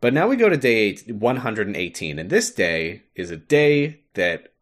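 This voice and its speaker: A young man co-hosting a podcast, casually recapping a game's story with animated retelling and frequent laughter. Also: lowish voice, moderate pace. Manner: animated storytelling, laughs often, acts out lines. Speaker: podcast co-host. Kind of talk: casual chat recapping a game.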